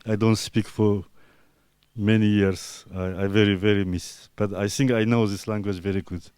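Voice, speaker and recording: A man from Azerbaijan whose first language is Talysh, an artist answering interview questions in halting, broken English full of pauses and fillers. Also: lowish voice, fairly even intonation, a little mellow, clear, resonant tone, no room sound, studio quality.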